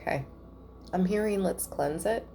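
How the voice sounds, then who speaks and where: A woman giving a casual spiritual reading at home, chatty and thinking out loud with soft asides. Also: on the low side, moderate pace, creaky, slight background noise. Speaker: tarot reader.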